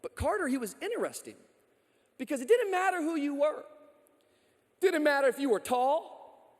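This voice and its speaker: A male pastor preaching a lively, joking sermon and calling out to the crowd. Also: extremely high pitch, normal speed. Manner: energetic, joking, loud calls to the crowd. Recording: long reverb of a large hall.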